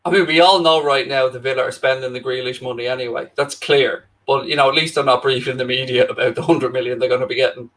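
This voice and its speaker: A man's voice: mid-range voice, fairly even intonation, fast talker, few pauses, a bit bright. An Irish man co-hosting a live football watchalong, making dry, sarcastic remarks in casual chat.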